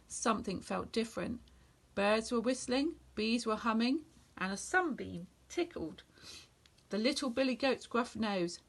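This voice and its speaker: A woman reads a children's picture book aloud, her voice gravelly and a touch husky. She sits a little high in pitch and reads gently and expressively. It is a friendly story-time reading.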